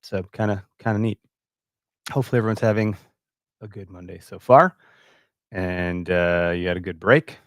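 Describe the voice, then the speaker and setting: A man's voice: deep voice, normal speed, long pauses, a bit bright. A man from Wisconsin chats casually on a live stream from his home computer, rambling and stopping to read viewer comments. He sounds a bit out of breath with a stuffy nose. The mic is close and dry, with no room echo. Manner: rambling, reads comments aloud, many fillers. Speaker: host of a hunting podcast. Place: home, early morning.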